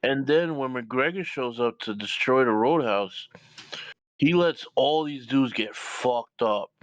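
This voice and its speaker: A man's voice: medium pitch, expressive, slow, no echo, muffled recording. A young man in casual, profane banter who rambles with fillers and keeps saying "bro". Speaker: co-host reacting to reviews.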